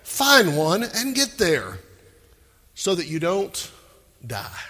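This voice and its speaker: A male pastor preaching a sermon, animated and emphatic, asking the crowd questions. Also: high voice, slow pace, slightly rough, big-room sound.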